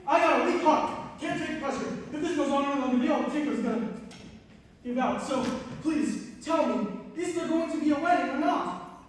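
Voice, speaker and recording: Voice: high voice, a little hiss or hum, natural voice. A student actor playing a brash, nervous older male producer who complains of a weak heart, on a school stage. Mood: exasperated. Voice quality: brash, fast, exasperated. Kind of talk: live stage acting. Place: large school auditorium stage. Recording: echoey hall from far off.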